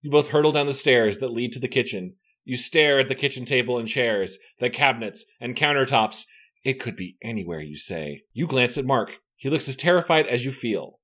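Guy reading a spooky kids book out loud, lively voice, hams it up. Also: mid-range voice, normal speed. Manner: theatrical, jokey. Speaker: host reading a gamebook aloud. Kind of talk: dramatic read-aloud with banter.

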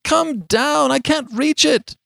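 A man voicing a frantic, grieving old mother who shrieks and pleads in high, desperate cries. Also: sing-song, a little fast, no room sound, clean studio sound.

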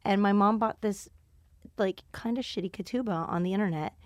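A woman comedian hosting a podcast, telling stories in a lively casual way with lots of fillers and laughter. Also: medium pitch, fairly quick, no room sound. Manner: animated storyteller, laughs often, frequent fillers. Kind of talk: casual chat.

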